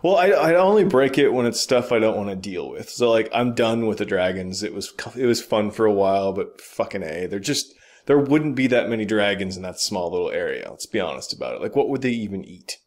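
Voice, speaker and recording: Blunt, low-voiced man co-hosting a podcast. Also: lively intonation, brisk, hardly any pauses. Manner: blunt, opinionated, swears casually. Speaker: podcast co-host. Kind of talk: casual chat about games and movies.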